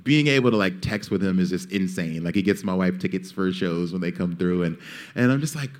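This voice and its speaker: A man in casual storytelling, acting out quoted lines and laughing often, with many fillers. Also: brisk. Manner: animated, acts out quotes with big pitch jumps. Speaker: panel guest.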